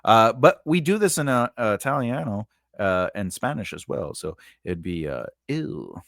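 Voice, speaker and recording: A man's voice: on the low side, very animated, moderate pace, vocal fry, a bit bright, no room sound, studio quality. A man giving a casual lesson on building grammar for invented languages, rambling and correcting himself, often checking in with "right?". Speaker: writing teacher.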